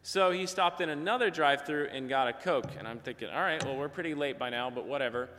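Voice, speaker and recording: A man's voice: a little high, fast talker, pushed and bright, slight background noise. A middle-aged man preaching a conversational sermon, telling a story and acting out the voices of the people in it. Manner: conversational, acts out quoted voices. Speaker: pastor. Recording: long hall reverb.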